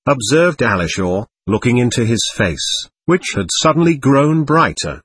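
Male audiobook narrator, expressive, husky edge. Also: medium pitch, measured pace, few pauses, no echo. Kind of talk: scripted narration.

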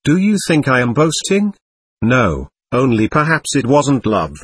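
Bitter, restless young man, snapping and sardonic, read by a male narrator, husky tone. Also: mid-range voice, big pitch swings, measured pace. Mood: mocking. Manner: sardonic, snapping, self-mocking. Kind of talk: audiobook character reading.

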